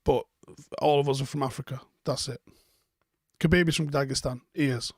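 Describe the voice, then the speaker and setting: A man's voice: medium pitch, fairly even intonation, normal speed, darkish tone, no echo, studio quality. A man hosting a live stream, chatting casually and bluntly while reading out viewer comments, swearing freely.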